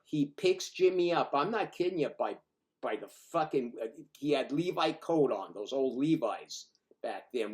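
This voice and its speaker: A man in his sixties tells an old bar story in a loose, rambling way, full of swearing and emphasis. His voice sits a little high for a man. He keeps to plain, casual storytelling. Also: a little mellow.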